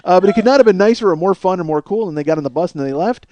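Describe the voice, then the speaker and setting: His voice is high-pitched, expressive and a little mellow, and he speaks rapid-fire with no echo. The man hosts a podcast from a home studio at night, rambling profanely and casually through a long story with plenty of filler.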